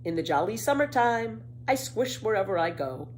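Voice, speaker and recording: A woman's voice: medium pitch, big pitch swings, moderate pace, a little hiss or hum, lightly acted. A woman reading a children's book aloud, voicing a cheerful, carefree young girl in a playful singsong.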